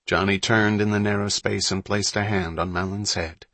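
A man narrating a story in a measured, suspenseful reading. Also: on the low side, steady tone, a bit bright, no echo. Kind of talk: audiobook narration.

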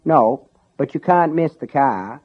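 A man's voice: medium pitch, lively intonation, takes it slowly. A folksy rural local drawls with a Down East Maine accent, as a man puts him on. The sound is tinny and narrow.

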